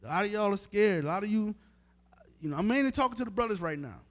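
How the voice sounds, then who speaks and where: A man's voice: high-pitched, animated, quick pace. A man preaching a sermon in a casual, emphatic way, speaking straight to his listeners. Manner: informal, emphatic, talks straight to the crowd. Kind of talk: street-style sermon teaching.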